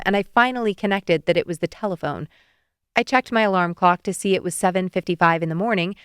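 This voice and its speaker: A woman's voice: medium pitch, clean tone, no echo. A young woman narrating a romance audiobook in the first person, wry and intimate, on a close studio mic.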